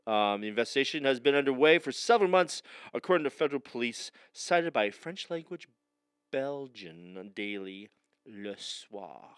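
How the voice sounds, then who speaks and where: A man co-hosting a podcast in casual chat, with a rambling, halting delivery that drifts off mid-thought. His voice is smooth and resonant, and his pitch jumps around a lot. It sits dry and close in a small room. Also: lively intonation, no echo. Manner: rambling, halting, jokey, often trails off. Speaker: podcast co-host.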